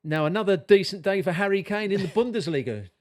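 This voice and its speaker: An older man acting as a football pundit, speaking in a measured, explanatory way with frequent restarts. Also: sits high, lively intonation. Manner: measured, explanatory, repeats words when starting. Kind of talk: casual football discussion.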